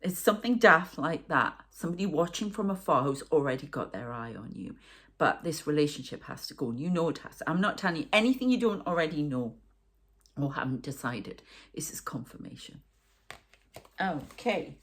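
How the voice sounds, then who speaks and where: A woman's voice: deep voice, animated, fairly quick, fairly bright tone. A middle-aged woman giving a rambling channelled tarot reading, talking to the viewer and aside to spirits. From northern England. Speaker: tarot reader and medium.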